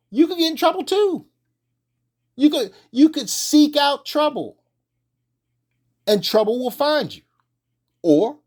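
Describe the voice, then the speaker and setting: Unhurried lay preacher, informal sermon, emphatic with rhetorical questions and many restarts. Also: mid-range voice, a little mellow. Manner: colloquial, restarts mid-phrase. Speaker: religious teacher.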